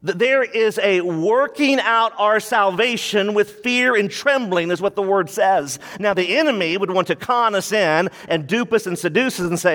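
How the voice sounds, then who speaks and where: A man's voice: high voice, normal speed, hardly any pauses, fairly bright tone, in a large hall. A male pastor preaching a sermon in an emphatic, conversational way, often repeating himself as he works through a passage.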